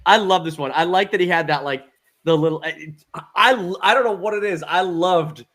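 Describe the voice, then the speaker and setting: A man co-hosting a casual review podcast, excitable and laughing often, swearing freely. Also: sits high, moderate pace. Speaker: podcast co-host.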